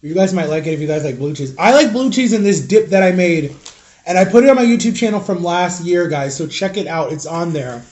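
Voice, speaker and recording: A man's voice: sits high, expressive, brisk, a little mellow. A young man vlogging and telling a personal story to his viewers in a rambling, confiding way, full of fillers. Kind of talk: casual storytelling vlog.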